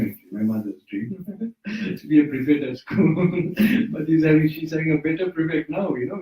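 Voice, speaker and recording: A man leads an informal Buddhist talk in someone's home. His voice is mellow and sits a little high, with restarts and frequent small chuckles. The mic is set back from him in a room that echoes. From Sri Lanka. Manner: loose, self-correcting, chuckles often. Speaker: Buddhist monk teacher. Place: indoors at a private residence. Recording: roomy sound, mic at a distance.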